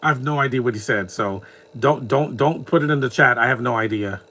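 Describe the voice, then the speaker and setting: A man's voice: mid-range voice, brisk, sharp tone. A man from New York with a New York accent, giving casual live commentary on a movie with joking, laughing reactions. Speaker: movie watch-along commentator.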